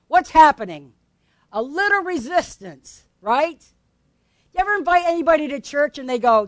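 High-voiced woman preaching conversationally. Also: sing-song, normal speed, no echo. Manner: conversational, asks the congregation questions, laughs lightly. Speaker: pastor. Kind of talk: sermon.

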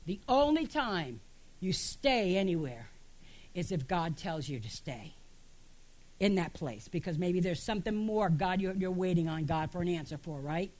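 A woman pastor preaching an emphatic sermon in a church, asking her congregation rhetorical questions. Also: on the low side.

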